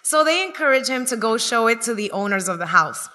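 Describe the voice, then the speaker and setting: A woman on a comedy stage tells a family story to a live audience, with a bright, forceful voice. She slips into the voices of the people in the tale, and her words ring out with a long hall reverb. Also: a little high, a little fast. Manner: lively, acts out the people she quotes. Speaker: stand-up comedian telling a story.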